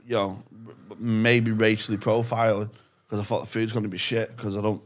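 A man's voice: on the low side, flat delivery, normal speed. A young man, co-hosting a podcast in crude, rambling casual banter. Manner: crude, rambling, laughs a lot. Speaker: podcast co-host.

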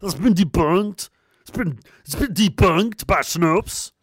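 A man's voice: high voice, animated, slow pace, breathy edge, no echo, clean studio sound, heavily acted. A man putting on the voice of a smug, condescending know-it-all who keeps repeating himself.

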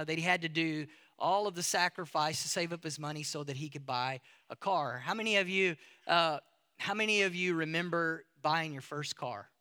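A male pastor preaching a sermon in a storytelling manner, with halting restarts and building emphasis. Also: a little high, pushed and bright, smooth.

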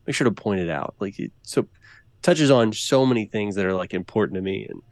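A man's voice: lowish voice, lively intonation, fairly quick, darkish tone, no echo, clean studio sound. A man guesting on a podcast, speaking in casual conversation and searching thoughtfully for his words.

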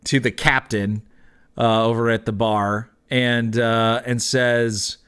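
A man's voice: medium pitch, little pitch movement, slow, a bit bright, clean tone. A man narrating as dungeon master, full of fillers and laughter. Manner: laughing often, many fillers. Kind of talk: narrating a tabletop game.

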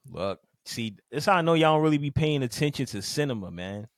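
A man's voice: mid-range voice, expressive, a little fast, dry recording. A man co-hosting a podcast in casual chat, laid-back, acting out quotes in slang. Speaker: podcast co-host.

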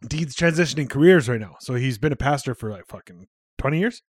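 A man in his thirties talks loosely on his podcast, dropping curses and chuckling through quick asides. His voice sits in a middle register. The sound is dry and close, with no room echo. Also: mid-range voice, animated, breathy edge. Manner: loose and profane, laughs often, quick asides. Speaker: podcast host. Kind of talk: casual chat.

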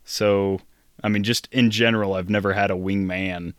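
A man co-hosting a casual podcast, answering questions with dry, deadpan humor. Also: lowish voice, moderate pace, smooth, no room sound. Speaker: podcast co-host. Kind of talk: casual chat.

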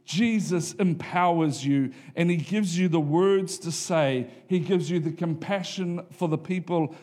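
A man delivers a sermon in a relaxed, storytelling way, his voice sitting a little higher than most men's. He mixes plain teaching with self-deprecating anecdotes and rhetorical questions. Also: unhurried. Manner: conversational storytelling preaching, self-deprecating humour. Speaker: pastor.

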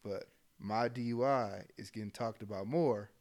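A man's voice: lowish voice, moderate pace, darkish tone. A young adult man, a soldier, talking bluntly and heatedly in casual chat, with lots of fillers and swearing. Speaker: army soldier, podcast co-host.

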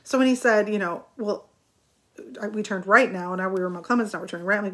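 A middle-aged woman talking to her viewers, recounting a personal story in an animated, chatty way and laughing now and then. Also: medium pitch, racing. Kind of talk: casual storytelling.

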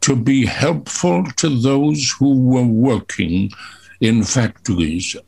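An older man from Wales, a veteran entertainer, tells stories slowly with dry humor in a radio chat. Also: mid-range voice, vocal fry, a little mellow, breathy edge. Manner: slow, measured storyteller with dry humor.

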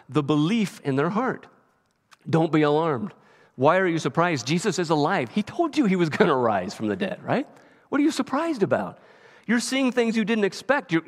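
A man preaching a sermon as a pastor, in a conversational way and often checking in with "right?". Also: high voice. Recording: long reverb of a large hall.

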